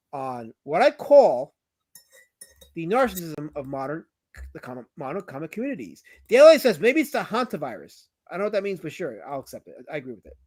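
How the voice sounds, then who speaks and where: A man hosting a livestream in casual banter, teasing his chat and his guest. His voice sits a touch high and jumps around a lot, flaring into loud outbursts and then dropping to a mumble. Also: no echo. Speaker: livestream host.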